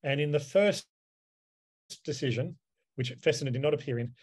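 A man's voice: a little high, normal speed, darkish tone, husky. A man, a solicitor advocate, answering questions after his seminar talk on a video call, in a discursive way with many fillers and repeated words.

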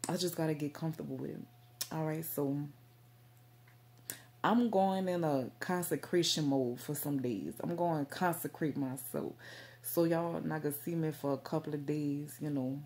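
A woman chatting straight to her camera in a low, gravelly voice. Her tone is dark and mellow, and she rambles loosely with plenty of fillers and repeated phrases. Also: steady tone, moderate pace. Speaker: faith vlogger. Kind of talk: casual talk to camera.

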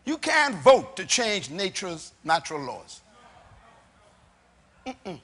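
Bahamian man, sermon, high lively voice, slow and bright, swings soft to loud, big echoing hall. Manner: emphatic, call-and-response questions, swings between soft and loud. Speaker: preacher.

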